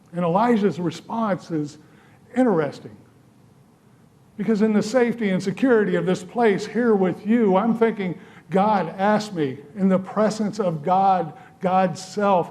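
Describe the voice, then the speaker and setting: A man, a pastor preaching a sermon, telling a personal story with dry humor and measured pauses. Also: high-pitched, darkish tone. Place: church sanctuary.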